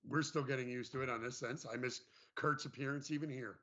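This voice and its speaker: Halting male host on a lo-fi call. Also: medium pitch, steady tone, a bit bright. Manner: halting, many restarts. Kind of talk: casual live-stream interview. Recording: dull lo-fi stream audio.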